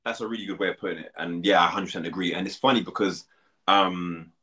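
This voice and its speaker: A young man from Britain, chatting as an interview guest. He talks fast and rambles, full of fillers and self-deprecating asides. His voice sits fairly low and comes across bright and forceful. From United Kingdom. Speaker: reality show contestant, guest. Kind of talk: casual interview chat.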